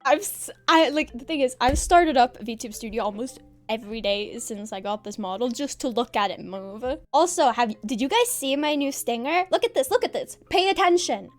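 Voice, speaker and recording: Bubbly high-voiced young woman streamer. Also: expressive, normal speed, faint music behind. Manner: bubbly, giggly, exclamatory, playful. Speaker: VTuber streamer. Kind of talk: excitable stream chat showing off a model.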